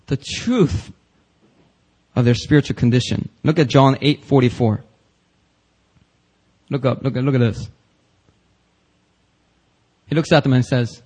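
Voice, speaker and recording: A man with a husky, slightly higher voice preaches a church sermon. He talks casually with slang but builds to forceful, rising passages when quoting scripture. His delivery is emphatic throughout. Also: poor audio. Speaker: pastor. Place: church service.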